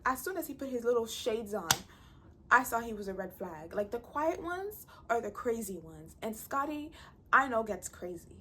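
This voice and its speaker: A woman's voice: fairly high pitch, lively intonation, moderate pace, bright, forceful tone, a little hiss or hum. A woman giving a blunt, profane, exasperated recap of a reality show. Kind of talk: casual ranting recap.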